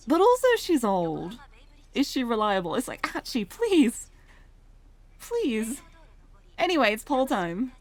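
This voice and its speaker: A woman's voice: on the high side, very animated, normal speed. A British woman streamer reading a visual novel aloud, chatty and laughing often.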